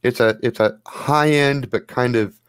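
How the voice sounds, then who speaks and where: A man's voice: medium pitch, a little slow, clean tone, dry recording. A man narrating a tabletop game as game master, describing things in a casual, joking way with some swearing.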